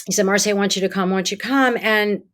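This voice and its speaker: A middle-aged woman, a psychotherapist guest in an interview, telling stories in a lively way and acting out quoted dialogue. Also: medium pitch, very fast. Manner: animated, acts out quoted dialogue. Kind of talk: conversational interview storytelling.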